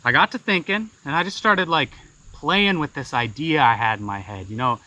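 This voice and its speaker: Bright-voiced folksy tall-tale teller. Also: male voice, fairly high pitch, rough recording. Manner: casual, rambling, many fillers. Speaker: storyteller.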